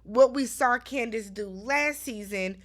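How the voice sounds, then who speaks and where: A woman's voice: fairly high pitch, unhurried, fairly bright tone. A woman casually recapping a reality TV reunion episode, talking straight to her viewers in a chatty, conversational way. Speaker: recap vlogger.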